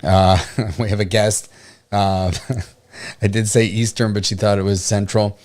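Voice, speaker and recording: A man's voice: on the low side, level tone, measured pace, a little mellow. A man from Puerto Rico hosting a casual livestream show, rambling with frequent laughs and fillers. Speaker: podcast host.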